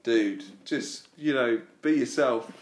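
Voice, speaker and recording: A man hosting a comedy podcast, playful and quick to laugh, often dropping into mock voices. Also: medium pitch. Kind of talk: improvised comedy chat and narration. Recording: echoey room, faint noise.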